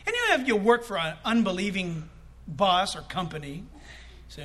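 A male pastor delivering an animated, conversational sermon in a church, with quick asides to the congregation. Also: high-pitched.

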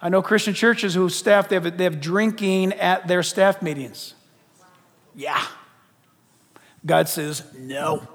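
Animated high-voiced pastor in a reverberant hall. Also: male voice, unhurried. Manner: animated, joking, acts out quoted voices. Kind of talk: lively sermon. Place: church auditorium.

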